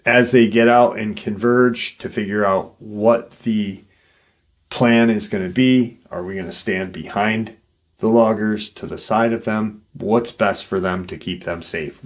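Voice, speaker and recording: Male storyteller, low voice, slow loose delivery, casual with profanity. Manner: unhurried, conversational, with fillers and swearing. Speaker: paranormal story narrator. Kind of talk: casual retelling of a listener's encounter.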